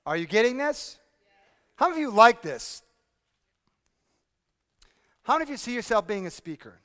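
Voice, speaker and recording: A man presenting a workshop to a live audience, energetic and drilling the room with repeated questions. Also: very high-pitched, normal speed. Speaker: speaking coach presenting a workshop. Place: conference hall with audience. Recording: long hall reverb.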